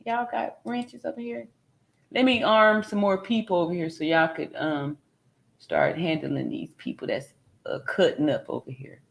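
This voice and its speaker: A woman's voice: mid-range voice, gravelly. A woman nurse from California hosting a casual livestream, reading viewer comments aloud and laughing often. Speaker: livestream host reading chat.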